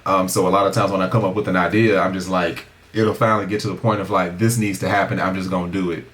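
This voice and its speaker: A man co-hosting a podcast in relaxed casual chat, laid-back and quick to laugh. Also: low voice. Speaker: podcast co-host.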